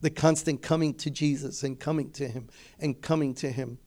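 A man's voice: a little high, steady tone, normal speed, a little mellow. A middle-aged man, a pastor, preaching a sermon emphatically and building his points through repetition.

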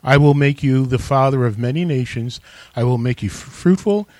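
A man's voice: mid-range voice, moderate pace, darkish tone, no echo. A man preaching a sermon as pastor, emphatic and calling on the congregation to respond.

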